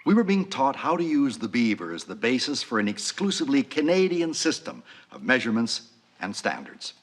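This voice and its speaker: A man's voice: mid-range voice, big pitch swings, fairly quick. A man narrating a mock documentary in a mock-serious scripted delivery.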